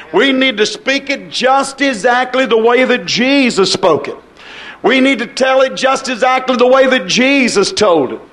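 A man's voice: extremely high pitch, fairly bright tone. A man preaching a sermon emphatically, acting out the voices of the people he quotes.

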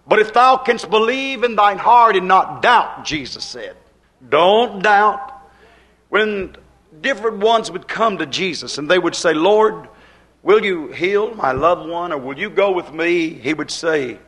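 A middle-aged man preaching a sermon with fervent, rhythmic delivery, swinging between loud emphasis and hushed asides. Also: high-pitched.

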